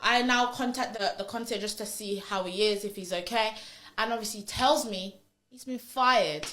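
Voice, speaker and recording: A woman in casual podcast chat, telling a story in an animated way and acting out the lines of the people in it. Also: mid-range voice, moderate pace.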